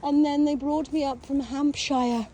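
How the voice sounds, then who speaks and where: Against a noisy background, an English woman with a high voice speaks at a measured pace and in a steady tone. Her casual monologue about her own life is theatrical and sardonic, full of swearing, acted-out voices, snatches of song and self-mockery.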